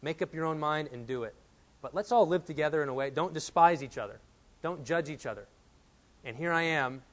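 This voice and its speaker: A man's voice: a little high, fairly quick. A man from Texas in his thirties preaching a sermon as a pastor, telling a personal story and building to emphatic points.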